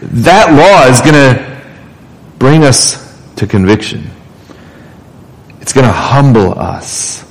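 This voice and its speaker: A man's voice: medium pitch, sing-song, slow pace, pauses often, rough recording. Conversational man preaching a sermon. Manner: conversational preaching, frequent restarts and repeated words. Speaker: pastor.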